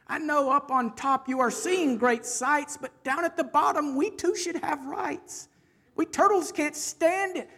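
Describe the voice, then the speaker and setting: A plain little turtle, worn out and aching, begs politely for relief in a strained, pleading voice, as a woman puts him on while reading a storybook. He is humble and tired, never loud. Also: sits high, unhurried, pitched above the performer's own voice. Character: humble, weary little male turtle at the bottom.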